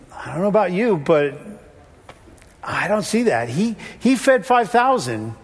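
A man's voice: animated, normal speed. A man preaching a sermon in a conversational way, changing his voice when he quotes others. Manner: conversational, shifts pitch when quoting. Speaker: pastor. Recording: long reverb of a church hall.

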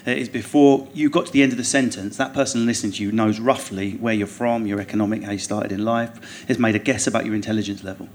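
Essex-accented male comedian, animated, laughing guest talk. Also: on the low side, fast, hardly any pauses, a little hiss or hum. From England. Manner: animated, laughing, swearing storyteller. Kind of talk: podcast conversation. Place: theatre stage before an audience.

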